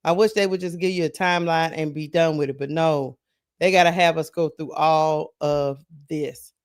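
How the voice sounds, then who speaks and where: A man with a high voice hosts a live sports talk stream. He chats casually and loosely, greets viewers by name and thinks aloud while he looks for things. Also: fairly even intonation, normal speed, smooth.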